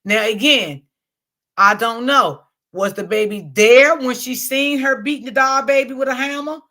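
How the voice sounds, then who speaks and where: A livestream host with a high, bright, clear-toned voice chats casually with her audience at a moderate pace. Her talk is loose and repetitive, circling back over the same points.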